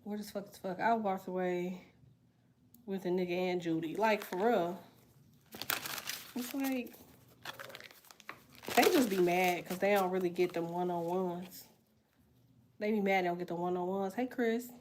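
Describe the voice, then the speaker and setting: A woman's voice: on the low side, unhurried, pauses often, darkish tone, a little hiss or hum. Blunt, chatty young woman tarot reader. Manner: blunt, profane, chatty, reads comments aloud. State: sick with a sinus infection. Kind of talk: casual livestream chat.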